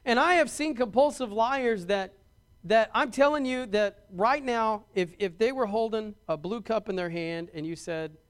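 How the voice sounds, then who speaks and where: High-voiced man preaching a folksy sermon. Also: clean tone. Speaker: pastor.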